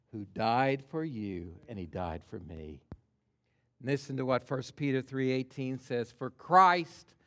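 A man preaching a sermon with passion, swinging from booming to hushed, reading and acting out scripture. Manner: reads and acts out scripture quotes.

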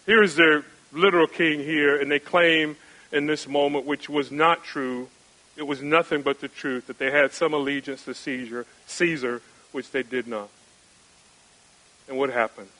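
A man preaching an expository sermon, asking rhetorical questions and repeating phrases for emphasis, swinging between raised and hushed delivery. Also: a little high, steady tone, unhurried, pauses often, low-quality recording. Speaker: pastor.

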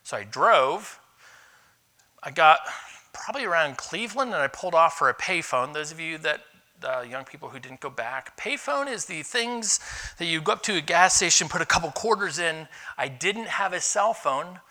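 A middle-aged male pastor delivers a sermon in a bright, clear voice. His pitch swings widely as he tells candid personal stories with animated energy. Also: normal speed.

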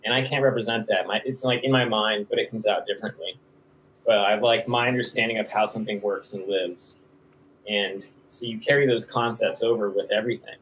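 A man's voice: on the low side, steady tone, brisk, a bit bright, a little hiss or hum, poor audio. Rambling laid-back man, faint ambience. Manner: rambling, laughs often, many restarts. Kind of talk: casual conversation.

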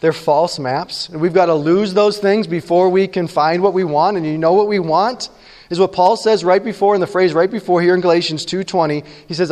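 A pastor preaches a sermon in a high, slightly mellow voice, speaking fairly quickly with fairly even intonation. He's earnest and conversational, often repeating words as he voices characters from his stories. Long reverb fills the large hall.

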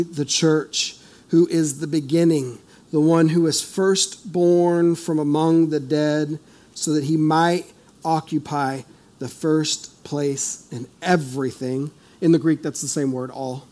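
A man preaching a sermon as pastor at a church service, talking conversationally with the congregation and reading scripture slowly with emphasis. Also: a little high, a little mellow. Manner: conversational, asks the congregation questions.

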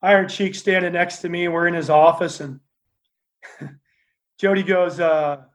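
A man telling rambling, animated stories in a casual interview, full of fillers and restarts. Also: sits high, a little slow, poor audio. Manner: laughs while telling stories. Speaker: interview guest, former wrestler.

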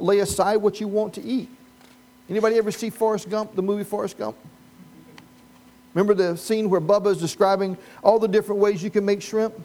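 A man with a notably high voice delivers a sermon as pastor. He preaches with animated humor, throwing questions to the congregation and riffing on the story.

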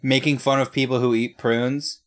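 A podcast co-host in casual chat making unhurried, chuckling remarks. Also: mid-range voice, flat delivery.

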